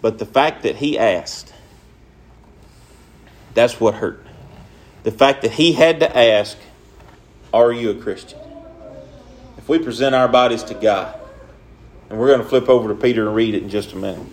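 A man's voice: medium pitch, moderate pace, long pauses. A young man preaching a sermon in an earnest, repetitive way, with folksy, casual grammar.

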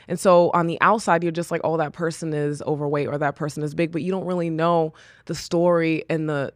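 On her own podcast, a woman with a fairly low voice shares an earnest, faith-based message of encouragement rooted in her own life. The recording is studio quality, with no room sound.

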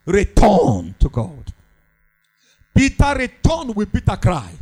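Fervent high-voiced preacher. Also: male voice, huge pitch swings, slow pace, pauses often, a little mellow, husky, low-quality recording. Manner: fervent, repetitive, sing-song preaching cadence. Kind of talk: sermon.

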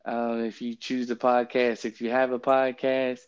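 A man hosting a casual Bible study podcast, talking in a relaxed, rambling way with plenty of fillers, recorded remotely on his phone. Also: mid-range voice, moderate pace, clear, resonant tone, muffled recording. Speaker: podcast host. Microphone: phone app, remote recording.

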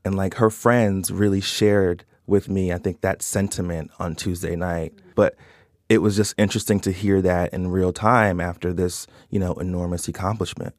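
Male reporter, low-pitched, earnest and thoughtful, dry recording. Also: fairly even intonation, moderate pace, no echo. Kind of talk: conversational news analysis.

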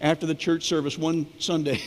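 A man's voice: a little high, flat delivery, moderate pace, in a large hall. A middle-aged man, a pastor, preaching a sermon and telling stories that act out the voices of the people in them. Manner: storytelling, acts out quoted voices.

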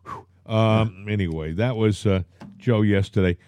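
Male co-host, jokey and mocking, chuckles a lot, low mellow voice. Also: measured pace, clean tone, no room sound. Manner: joking, mocking, chuckles often. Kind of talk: casual political talk show banter.

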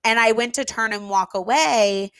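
A woman who runs an event venue tells a casual story, animated and emphatic, with fillers and the odd swear word. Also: a little high, normal speed, clean tone, no echo. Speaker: venue owner.

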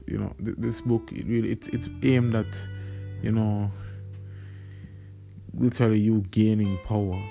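Young Jamaican-raised man, low voice, lo-fi. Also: creaky. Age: young adult. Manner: hesitant, many fillers. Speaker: podcast host. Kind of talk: casual spoken reflection with readings. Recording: dull lo-fi recording over guitar music. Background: plucked guitar music.

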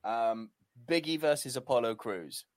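Animated young man chatting wrestling. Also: mid-range voice, measured pace, no room sound. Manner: animated, swears freely. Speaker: wrestling podcast co-host. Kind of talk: casual chat.

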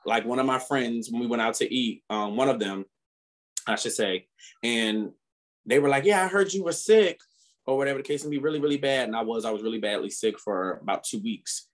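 A man co-hosting a podcast, chatting casually and telling stories animatedly, often laughing and rising in pitch when indignant. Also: fairly quick. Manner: animated storytelling with frequent laughter. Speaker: podcast co-host. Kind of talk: casual chat.

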